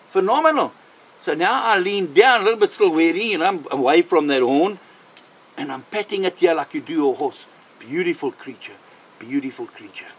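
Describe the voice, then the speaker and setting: An older man, a missionary, telling a personal faith testimony in an animated way, repeating phrases for emphasis. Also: sits high, slightly rough, poor audio. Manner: animated, vivid storyteller who repeats himself for emphasis.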